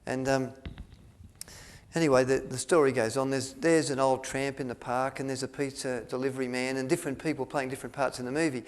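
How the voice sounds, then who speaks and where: Speaking at a health retreat, a man tells the audience a story in a rambling way, often restarting his sentences and filling gaps with ums. He acts out the lines he quotes, and his voice is mid-range and steady.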